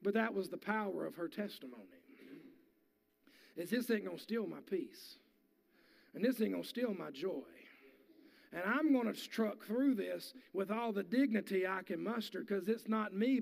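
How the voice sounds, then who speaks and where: Gravelly pastor preaching a sermon. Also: male voice, sits high. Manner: folksy, builds to fervent preaching. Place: church sanctuary.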